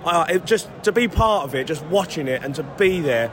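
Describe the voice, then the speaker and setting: A man's voice: on the high side, lively intonation, brisk. An English man, a former footballer, being interviewed on the street, overwhelmed and repeating himself, calling the interviewer mate. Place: outdoors in a city street after a match. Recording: street crowd noise behind.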